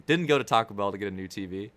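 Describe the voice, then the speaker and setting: A man's voice: fairly low pitch, animated, rapid-fire, fairly bright tone. A young man rambling through casual livestream race commentary, profane and constantly interrupting himself.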